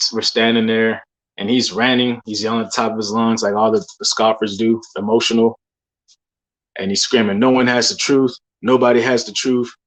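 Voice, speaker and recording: A young man talks in a loose, unscripted way, piling up fillers and slang as he tells a personal story. His voice sits a bit low, and he drifts from one thought to the next. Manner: loose, rambling street slang with many fillers. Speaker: believer sharing dreams. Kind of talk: casual testimony monologue.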